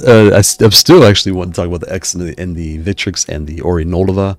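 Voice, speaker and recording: Talking fast in a low-pitched voice, this YouTube host reads live chat and chats casually with viewers. He rambles, digresses, and frequently cuts himself off mid-sentence, with no echo in the recording.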